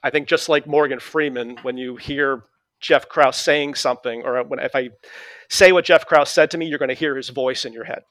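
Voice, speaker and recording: A middle-aged man from New England with a New England accent, a guest calmly telling stories about his past with many fillers and restarts. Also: medium pitch, moderate pace, no room sound. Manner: relaxed storytelling with fillers and restarts. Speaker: interview guest. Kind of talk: conversational reminiscing.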